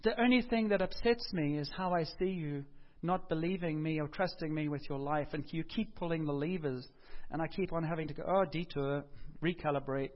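Lively male preacher, lo-fi sound. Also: on the high side, brisk. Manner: conversational, animated, rises for emphasis and drops softly for quoted words. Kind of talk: sermon. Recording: dull lo-fi sound.

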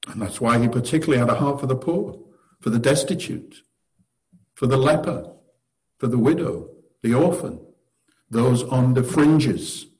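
A man's voice: mid-range voice, expressive, moderate pace, long pauses, a little mellow, low-quality recording. A man giving a conversational sermon to a seated group, earnest and posing rhetorical questions with wry humor. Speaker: church teacher leading table discussion.

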